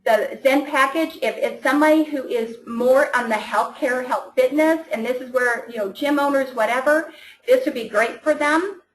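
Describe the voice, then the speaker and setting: A chatty, enthusiastic woman talks her team through a casual training call, stumbling and restarting as she goes. Her voice sits fairly high. The sound has the echo of a roomy space. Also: normal speed, a little hiss or hum. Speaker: team coach.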